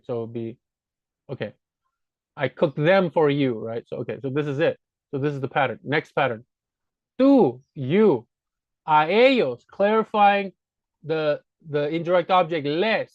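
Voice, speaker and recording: A Spanish teacher with a fairly high-pitched voice gives a screen-recorded grammar lesson. He explains things casually, often corrects himself, and checks in with "right?" The recording is muffled but has no echo.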